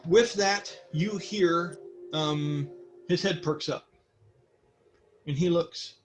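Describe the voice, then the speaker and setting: A man's voice: a little high, slow, faint music behind. Rambling male game master. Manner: relaxed, rambling, many fillers. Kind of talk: narrating a tabletop game.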